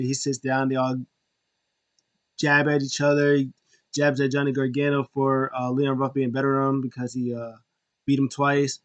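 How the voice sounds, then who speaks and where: A man casually recapping a wrestling show, rambling with many fillers and restarts, getting animated when he retells what was said. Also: mid-range voice, moderate pace, long pauses.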